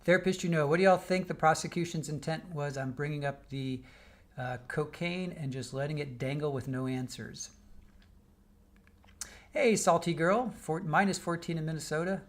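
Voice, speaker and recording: A man's voice: on the high side, normal speed. Chatty older man hosting a livestream. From American Midwest. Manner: chatty and rambling, with restarts. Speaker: livestream host reading viewer comments. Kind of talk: casual chat while waiting for a trial.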